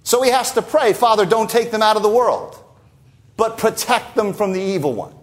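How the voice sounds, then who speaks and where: A man's voice: high-pitched, moderate pace. A man preaching a sermon, teaching from a Bible passage with emphatic stresses and rhetorical asides.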